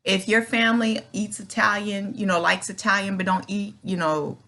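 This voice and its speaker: A woman's voice: mid-range voice, steady tone, normal speed, pushed and bright. A middle-aged woman hosting her own channel, giving earnest, encouraging advice in a folksy, casual way and often asking "right?". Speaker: channel host. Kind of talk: casual advice talk to camera.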